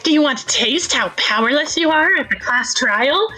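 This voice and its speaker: A mocking cartoonish bear mascot, as a woman puts him on, high and sing-song in a game dub. The voice leaps up and down with theatrical glee and a taunting edge. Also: expressive, moderate pace, sharp tone, soft background music, poor audio.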